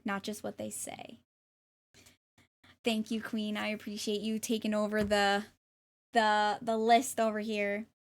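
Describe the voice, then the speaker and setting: A woman streamer and tarot reader chatting casually on a livestream, reading chat aloud and thanking viewers in a bubbly way, at times trying a playful English accent. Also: fairly high pitch. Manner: jokingly puts on an English accent.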